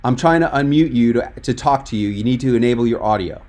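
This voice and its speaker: A man's voice: mid-range voice, fast talker, a little mellow. A man coaching a speaker on a video call, talking in a direct, emphatic and encouraging way. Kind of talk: webinar coaching feedback.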